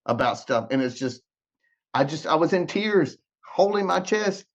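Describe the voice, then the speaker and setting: A man's voice: a little high, animated, moderate pace, highs cut off. A man guest on a podcast, telling an emotional story and acting out the dialogue, often repeating and restarting words. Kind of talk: animated storytelling with re-enacted dialogue.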